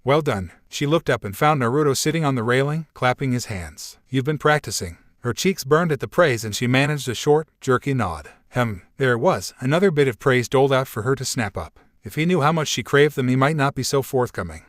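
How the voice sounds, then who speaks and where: A man reading fan fiction aloud in a steady, even narration. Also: mid-range voice, fairly quick, few pauses, dry recording, studio quality. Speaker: story reader.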